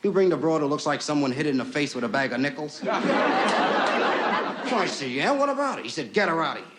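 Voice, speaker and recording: A man performing a stand-up comedy story, acting out the people in it with lively voices. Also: fairly high pitch, fast. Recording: noisy old television recording.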